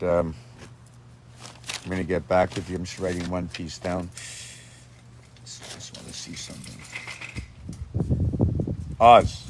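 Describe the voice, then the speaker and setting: A man's voice: low-pitched, noisy background. A man rambling freely in a casual self-made video, jumping from idea to idea and stopping to talk to his dogs. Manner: rambling, free-associating, talks to his dogs. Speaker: video maker. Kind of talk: rambling monologue. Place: outdoors with dogs.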